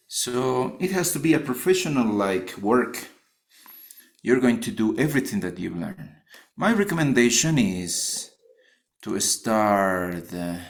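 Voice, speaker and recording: A man with a Spanish accent teaching a phonetics class, explaining an assignment and often rephrasing as he goes. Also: lowish voice. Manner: repeats and rephrases himself while explaining.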